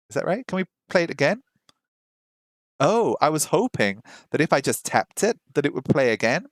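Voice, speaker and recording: A man hosting a language-learning vlog, chatting casually while trying out an app, thinking aloud with frequent ums and slowly sounding out simple phrases as a learner. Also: a little high, big pitch swings, no room sound, clean studio sound. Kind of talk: casual screen-share commentary.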